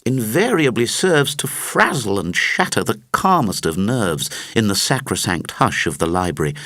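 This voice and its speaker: A man narrating a comic rhyming story aloud with rhythmic, expressive delivery. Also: lowish voice, no echo, studio quality. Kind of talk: storybook verse reading.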